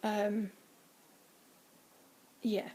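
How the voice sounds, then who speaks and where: A woman chatting casually from home in a vlog, rambling with many ums and dropping into quiet, breathy asides. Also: medium pitch, level tone, extremely slow. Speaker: vlogger. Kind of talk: casual weight-loss vlog. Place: indoors at home, by a window.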